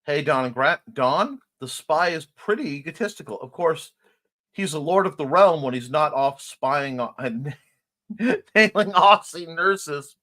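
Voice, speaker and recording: Male stream host, chatty, animated, reads chat aloud. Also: fairly high pitch, unhurried. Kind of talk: casual livestream chat, reading out comments.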